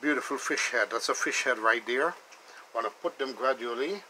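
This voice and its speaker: A man talks his viewers through a home cooking demonstration, wandering into a folksy story along the way. His voice is bright and forceful, with a medium pitch. Faint background noise sits under the recording. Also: moderate pace, low-quality recording. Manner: chatty, enthusiastic, calls the food "bad boy". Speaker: cooking channel host.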